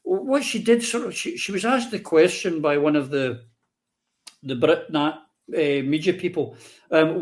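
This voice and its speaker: A man's voice: fairly high pitch, unhurried. A man hosting a casual political discussion, chatty and rambling with sardonic asides. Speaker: host.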